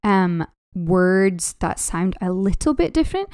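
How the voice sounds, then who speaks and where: A woman's voice: medium pitch, big pitch swings, a little slow, a little mellow, smooth, no echo. Scottish woman in her thirties, podcast guest, chatty and self-deprecating, dry sound. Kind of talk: casual conversation.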